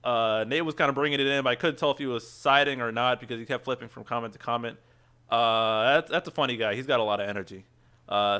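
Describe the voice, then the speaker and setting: A man's voice: medium pitch, sharp tone, clean tone. A man hosting a game stream, ranting at length with frequent restarts and reading chat. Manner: fast, rambling rant with frequent restarts. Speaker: streamer host. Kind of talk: casual game stream rant.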